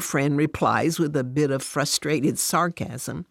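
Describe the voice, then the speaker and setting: A woman narrating a devotional story in a plain, steady way. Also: sits low, slow pace, vocal fry, no room sound, clean studio sound.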